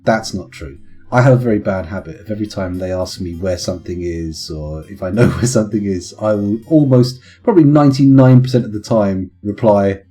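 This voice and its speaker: An adult man with children streams a game, chatting casually and drifting into punning tangents. His voice is lowish and warm, a little fast, with soft music playing in the background.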